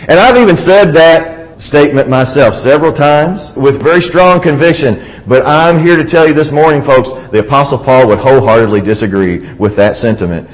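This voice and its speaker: A man preaching a sermon emphatically, asking the congregation rhetorical questions and swinging between raised and hushed delivery. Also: mid-range voice, a little fast, hardly any pauses, rough recording.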